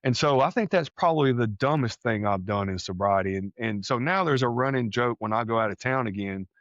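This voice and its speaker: A man from Texas telling a personal story on a podcast, animated, acting out the voices of people he quotes. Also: mid-range voice, a little fast, dry recording, muffled recording. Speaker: podcast guest. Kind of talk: casual storytelling.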